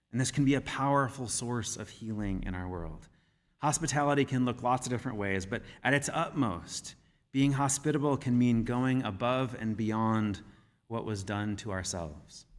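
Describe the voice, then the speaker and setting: Male minister preaching in a reverberant hall. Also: mid-range voice. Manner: measured, gentle storytelling. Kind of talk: sermon. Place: church sanctuary.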